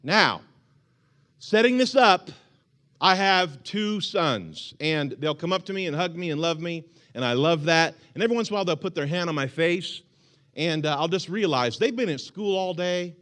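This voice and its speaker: A man preaches to his congregation with an easy, joking manner. He is a young adult pastor whose voice sits slightly high. He laughs along with his own stories and throws in mock shouts. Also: expressive, moderate pace. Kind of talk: sermon. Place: church sanctuary.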